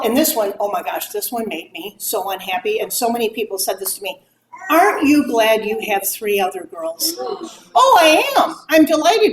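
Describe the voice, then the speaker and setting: A woman's voice: high-pitched, a little hiss or hum. Candid middle-aged woman speaking in an echoey room. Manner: candid, animated, acts out quoted remarks. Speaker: guest speaker on grief. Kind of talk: talk to a moms' group. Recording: echoey room with faint ambience.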